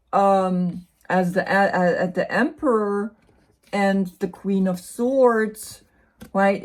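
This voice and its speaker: A woman's voice: mid-range voice, darkish tone. A woman with a German accent giving a casual tarot reading, rambling and often repeating words. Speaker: tarot reader.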